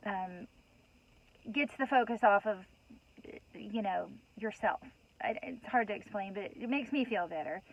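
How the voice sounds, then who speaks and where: A woman's voice: medium pitch, dull audio. A woman giving a heartfelt spiritual talk to her viewers, earnest and rambling, with many restarts and "you know"s, emotional and a bit worked up. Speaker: host.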